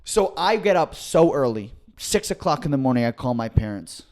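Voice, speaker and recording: Young male podcast co-host, casual storyteller, jumps into quoted voices, mid-pitched. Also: moderate pace. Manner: animated, acts out quotes with big pitch jumps.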